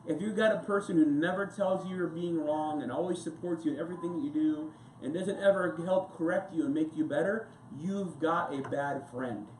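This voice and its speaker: Pastor preaching in an echoey church. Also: male voice, on the high side, moderate pace, hardly any pauses, darkish tone, a little hiss or hum. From United States. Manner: conversational, rambling preaching with anecdotes and asides. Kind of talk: sermon. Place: church sanctuary. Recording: echoey church room with faint ambience.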